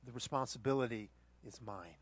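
A man preaching a sermon, moving between hushed reflection and loud, dramatic retelling of the scene. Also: medium pitch, fairly quick, breathy edge. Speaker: pastor.

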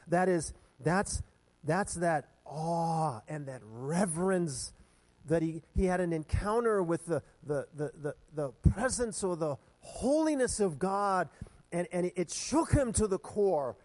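High-voiced man preaching a sermon. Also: takes it slowly. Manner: reads scripture aloud with lively pitch swings; conversational, with fillers and restarts. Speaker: pastor.

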